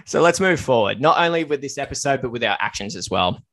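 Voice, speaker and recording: A man's voice: mid-range voice, lively intonation, fast, fairly bright tone. A man hosting a casual podcast chat, earnest on serious points and joking with his guests. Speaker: podcast host.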